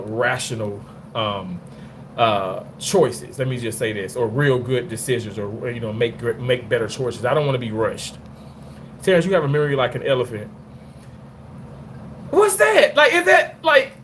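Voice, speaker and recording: A man's voice: mid-range voice, a little hiss or hum. A man hosting a casual livestream chat, cursing freely, laughing often and talking back to comments from viewers. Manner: animated, profane, laughs often. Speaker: livestream host.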